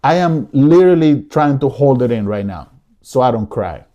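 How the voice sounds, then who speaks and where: Impassioned man with a mellow voice. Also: medium pitch, expressive, normal speed, highs cut off. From United States. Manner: emotional, pleading, repeats himself. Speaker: podcast host. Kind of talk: impassioned solo commentary. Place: living room.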